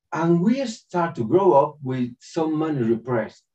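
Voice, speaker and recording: A man's voice: a little high, very animated, measured pace, warm tone. A man in his forties gives a personal spiritual talk in broken English. He acts out voices and laughs often. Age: 40s. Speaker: speaker at a spiritual festival. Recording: dull distant recording.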